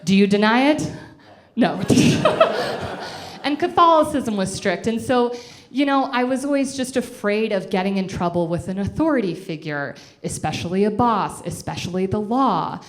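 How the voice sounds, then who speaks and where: A woman in her twenties telling a self-deprecating comic story to a live audience, animated and chatty. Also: mid-range voice, normal speed.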